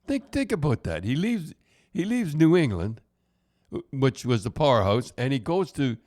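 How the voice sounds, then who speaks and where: A man's voice: mid-range voice, sing-song, moderate pace, darkish tone. An older man hosting a podcast, chatting casually and telling rambling stories full of false starts. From Canada. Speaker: podcast host. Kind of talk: casual chat.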